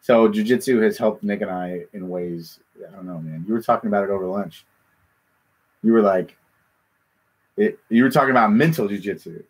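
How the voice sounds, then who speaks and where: A man hosting a casual chat, rambling and animated, often repeating himself. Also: fairly low pitch, normal speed, breathy edge. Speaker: podcast host.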